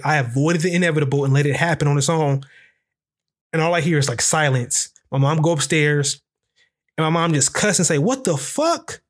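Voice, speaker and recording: A young man with a fairly high voice tells a candid, profane story. He rambles, loaded with fillers and loose grammar, in a casual storytelling style. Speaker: podcast host.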